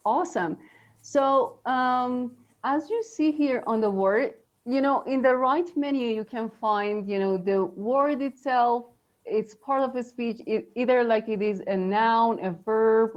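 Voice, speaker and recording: Woman co-host, unhurried teacher, light high voice, loose filler-heavy delivery. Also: dull audio. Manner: chatty, many fillers, laughs often. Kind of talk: casual live English lesson.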